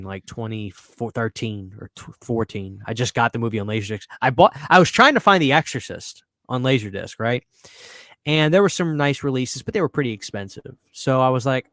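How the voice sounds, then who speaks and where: A mid-pitched man talks fast and loose on a podcast, cursing freely and repeating himself as he gets fired up. The sound is dry and close, with no room around it. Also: no echo. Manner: excitable, swearing, repeats words when worked up. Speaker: podcast host. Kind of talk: casual chat.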